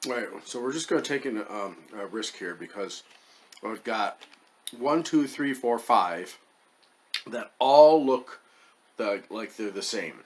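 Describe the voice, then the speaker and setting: A man's voice: fairly low pitch, expressive, measured pace. A man casually reviewing chocolates as the host of his own channel, wry and hesitant, muttering as he tastes. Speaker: food reviewer.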